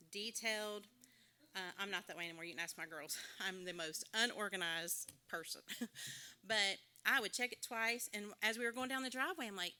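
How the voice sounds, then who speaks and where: A woman's voice: medium pitch, bright, forceful tone, clean tone. A middle-aged woman, giving a candid, conversational devotional talk to a women's audience with self-deprecating humor. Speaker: conference speaker.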